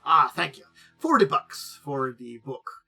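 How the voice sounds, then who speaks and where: A man's voice: medium pitch, very animated, unhurried, gravelly, sharp tone, breathy edge, faint music behind. A man hosting a casual talk show about tabletop games, rambling with many fillers and trailing asides.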